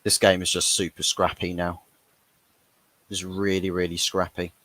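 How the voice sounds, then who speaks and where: A young man with a low, deep voice gives live reaction commentary on a football match, talking casually as an anxious fan. The sound is dry and close, with no room echo. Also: completely flat delivery, moderate pace, sharp tone. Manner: chatty, laughs at his own jokes, frustrated fan. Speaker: fan watchalong host.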